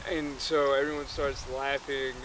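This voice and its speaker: A man's voice: mid-range voice, little pitch movement, measured pace, a bit bright, a little hiss or hum, low-quality recording. A man casually retelling a movie plot, rambling with many filler words and restarts.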